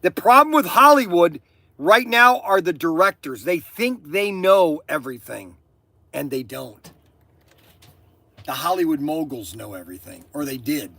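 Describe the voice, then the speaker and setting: Speaking a little slowly, this older man has a slightly high, expressive voice with vocal fry and a bright, forceful tone. He owns a toy shop and hosts a channel, talking to camera inside his store in a rambling, opinionated way, often laughing and starting sentences over.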